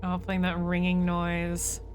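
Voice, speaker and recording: A woman's voice: fairly low pitch, monotone, takes it slowly, faint music behind. A woman streamer giving casual live commentary as she plays a game, chatty and joking as she thinks aloud.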